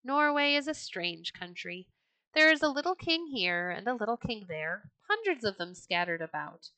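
A woman's voice: medium pitch, big pitch swings, normal speed, bright, forceful tone, dry recording. A woman voicing a proud young Viking princess who speaks in a haughty, scornful way.

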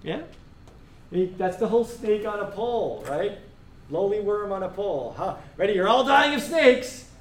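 A man leads a class discussion with a very lively, swooping voice that sits a little high for a man. He jokes and laughs often, with faint room noise behind him. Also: moderate pace. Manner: animated, joking, laughs often. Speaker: teacher. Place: school classroom.

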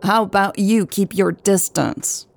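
A woman voicing a gruff, protective man. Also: mid-range voice, steady tone, a little slow. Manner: gruff, threatening. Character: wary, hot-tempered young man, protective.

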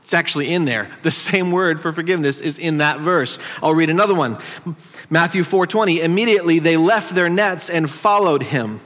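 Male pastor, conversational sermon with playful asides; high-pitched, recorded in a reverberant church hall. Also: normal speed, fairly bright tone. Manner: conversational preaching, teasing the congregation. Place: church sanctuary.

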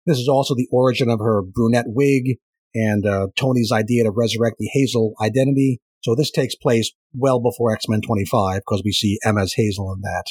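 A man's voice: mid-range voice, fairly even intonation, a little mellow, husky, no echo. A man co-hosting a podcast, chatting casually about comics and readily chiming in to agree. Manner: chatty, agreeable, quick to chime in. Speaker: podcast co-host. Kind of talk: casual comic book discussion.

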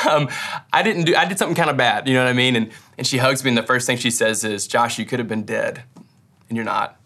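A young man preaching a sermon to his congregation, telling personal stories in a relaxed, self-deprecating way. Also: mid-range voice, fast talker. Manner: conversational, self-deprecating storytelling with laughs. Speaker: pastor.

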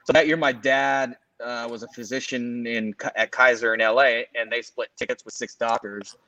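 This sports podcast co-host, a man in his forties from the Los Angeles area, keeps a moderate pace and mid-range voice. Chatting casually, he drifts into long, animated stories thick with fillers.

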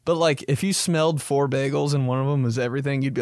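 A man's voice: medium pitch, steady tone, fast talker, darkish tone, no room sound, studio quality. A young man hosting a podcast, riffing in a jokey comedic monologue and slipping into silly voices. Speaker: podcast host.

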